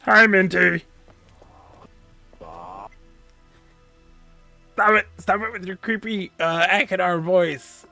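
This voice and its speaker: Gravelly man streaming a game. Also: high-pitched, wildly swooping pitch, slow, long pauses, sharp tone, soft background music. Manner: thinks aloud while playing, chatty with a co-player. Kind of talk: live gameplay commentary.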